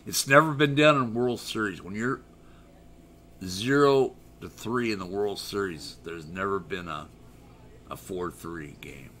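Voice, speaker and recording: A man's voice: low-pitched, unhurried, pushed and bright, slight background noise. A middle-aged American man hosting a live stream, rambling and joking as he reads viewer chat aloud in casual talk. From United States.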